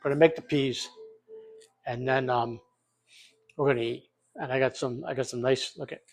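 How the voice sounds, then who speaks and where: Gravelly older man cooking and swearing. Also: medium pitch, steady tone, normal speed, slight background noise. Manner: profane, joking, off the cuff. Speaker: home cook, vlog host. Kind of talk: casual cooking vlog. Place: home kitchen.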